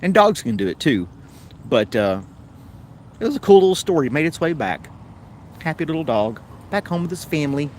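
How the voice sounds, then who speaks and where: A man's voice: a little high, big pitch swings, moderate pace, long pauses, slight background noise. A man with a Tennessee accent hosting a casual livestream chat, rambling along in an easygoing way. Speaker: host.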